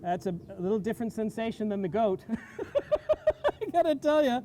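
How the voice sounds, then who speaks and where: A man's voice: high voice, lively intonation, fast talker, dark tone, a little hiss or hum. A man hosting a live stream outdoors on a farm, chatty and full of exclamations. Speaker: host. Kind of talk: live-streamed casual chat.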